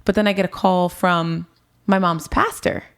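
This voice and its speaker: A woman's voice: on the low side, fairly even intonation, normal speed, clear, resonant tone. A woman in her twenties telling her personal story to an interviewer in a casual way, with lots of "like" and "um", acting out what people said. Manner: casual, frequent "like" and "um", acts out past dialogue.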